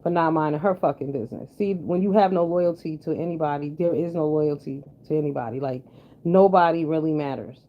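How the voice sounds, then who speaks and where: A woman's voice: low-pitched, fairly quick. Woman vlogger, blunt and profane commentary, dull lo-fi recording. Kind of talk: casual commentary chat. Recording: dull lo-fi sound.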